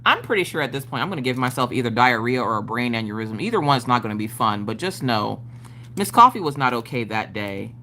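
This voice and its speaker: Animated mom on a craft stream, bright voice, swings up and down a lot, cussing, faint hum behind her. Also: a bass voice, fast talker. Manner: animated, exaggerated, swears freely; acts out family members' voices. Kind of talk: casual storytelling to a live chat.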